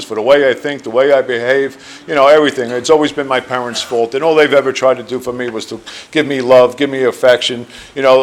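A man in his sixties with a New Jersey accent, sharing his life story at a recovery meeting in a rambling, earnest way full of fillers. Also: medium pitch. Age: 60s. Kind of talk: personal testimony talk. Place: meeting room.

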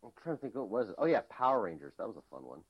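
Animated man on dull lo-fi audio. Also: fairly low pitch, very fast, husky. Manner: animated, profane ranting. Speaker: podcast co-host. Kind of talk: casual podcast chat.

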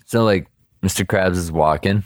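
A man with a very low voice chats casually, retelling a cartoon episode with lots of asides and fillers. The sound is dry and close to the mic. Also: moderate pace, no room sound. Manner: rambling, many fillers and asides.

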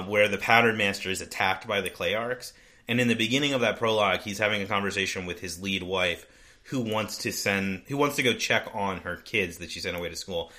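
With a lowish, bright and forceful voice, a man co-hosting a casual podcast on books goes over the plot. His summary rambles, and he keeps restarting his thoughts.

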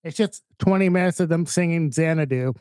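A man with a high voice making dry, joking remarks on a podcast, sometimes talking with food in his mouth. The sound is dry and close. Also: fairly quick, smooth, no echo. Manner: joking, deadpan, chewing while talking. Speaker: podcast co-host. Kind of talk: casual chat.

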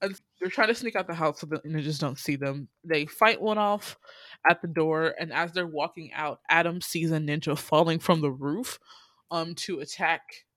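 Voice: mid-range voice, moderate pace, a bit bright, no room sound. A podcast host giving a casual, chatty recap of a movie, full of fillers and laughing through the story.

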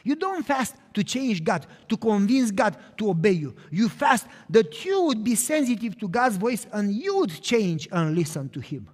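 A pastor preaching a sermon, earnest, moving between emphatic lines and hushed, quiet passages. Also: male voice, sits high, sing-song, normal speed, hardly any pauses. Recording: echoey hall with long reverb.

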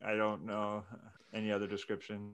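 A man co-hosting a casual podcast. His voice sits on the low side. He tells stories slowly and loosely, with lots of ums and restarts. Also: monotone, a bit bright. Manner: laid-back, hesitant storyteller with many fillers. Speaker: podcast co-host. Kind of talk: casual chat.

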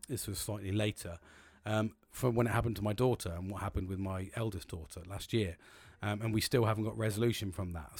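A man's voice: lowish voice, no room sound. Sweary, candid British man, middle-aged. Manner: frank, heavy swearing, emotional and reflective. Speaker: podcast host. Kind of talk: candid personal monologue.

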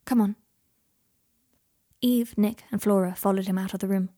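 A woman reading a story aloud in a soft-spoken way that often drops into whispers. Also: medium pitch, steady tone, a little fast, no echo, clean studio sound. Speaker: reader. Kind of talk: reading fan fiction aloud.

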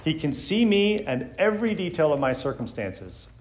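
A man's voice: fairly high pitch, big pitch swings, normal speed. A man giving a church Sunday school lesson, speaking earnestly and reading scripture aloud with emphasis.

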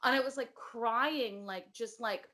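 A woman with a fairly high, sharp-toned voice tells a ghost story as a guest in casual conversation. She speaks at a measured pace but animatedly, using lots of filler words and some swearing.

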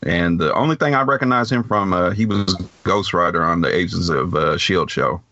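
Male podcast host, very deep voice, dry and a bit dull recording, reads news in quick bits. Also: bright, forceful tone, no echo. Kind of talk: casual chat.

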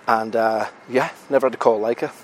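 A man's voice: mid-range voice, fairly even intonation, a little fast, slight background noise. A British podcast host, a man, chatting casually and self-mockingly while out walking, a little out of breath, with the odd swear word. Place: outdoors on a city street.

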